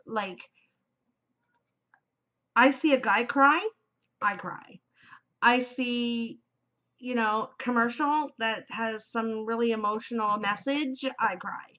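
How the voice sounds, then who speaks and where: A woman in her forties hosting a casual craft podcast, gushing and chatty and quick to laugh. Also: on the high side, sharp tone, muffled recording. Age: 40s. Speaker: podcast host. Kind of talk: casual chat.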